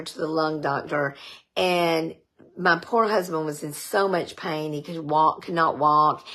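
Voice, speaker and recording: A woman's voice: sits low, creaky, a bit bright. A middle-aged woman giving an earnest motivational talk, repeating phrases for emphasis as she tells stories. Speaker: motivational vlogger.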